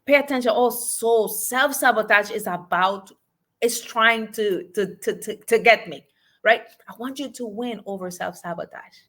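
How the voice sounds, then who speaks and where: A woman's voice: medium pitch, measured pace, sharp tone. A woman, a life and business coach, giving emphatic motivational podcast talk and urging listeners to repeat affirmations.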